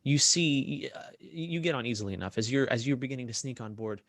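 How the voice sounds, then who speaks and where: A man narrating a tabletop role-playing game as game master, in a lively way with frequent fillers and restarts. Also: medium pitch, fast talker, no room sound.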